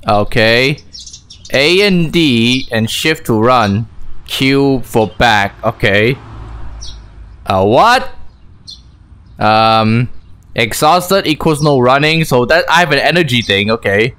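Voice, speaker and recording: A man's voice: medium pitch, animated, takes it slowly, long pauses, fairly bright tone, smooth. A man giving chatty, self-mocking let's-play commentary as a gaming YouTuber, thinking aloud.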